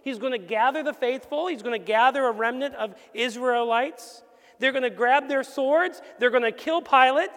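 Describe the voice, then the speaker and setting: High-voiced man preaching in a reverberant hall. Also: moderate pace, fairly bright tone. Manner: earnest preaching, rhetorical questions, acts out quoted voices. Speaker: pastor. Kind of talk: sermon. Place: church sanctuary.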